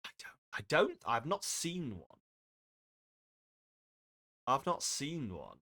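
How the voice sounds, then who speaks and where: A man's voice: medium pitch, wildly swooping pitch, slow pace, bright, forceful tone. A man streaming a game with casual, rambling commentary, self-mocking and full of asides.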